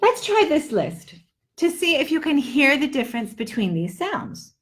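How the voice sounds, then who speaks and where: A woman's voice: high voice, sing-song, moderate pace, fairly bright tone. A woman teaching English pronunciation in a live online lesson, joking between drills and exaggerating sounds to show the difference. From Netherlands-based. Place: home, indoors.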